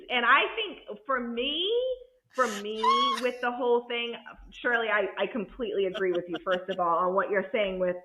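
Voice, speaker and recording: Bright-voiced woman in a roomy, dull recording. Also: fairly high pitch. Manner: affirming, playful teasing. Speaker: co-host. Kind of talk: casual chat.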